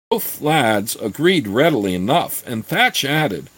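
A man reading a fantasy novel aloud, then pausing to comment with halting asides. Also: medium pitch, breathy edge, dry recording. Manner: slow, expressive, halting in asides. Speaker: reader.

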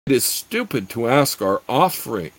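A man's voice: medium pitch, very animated, moderate pace. A man voicing a proud female witch who speaks in an imperious, lecturing way, in an audiobook.

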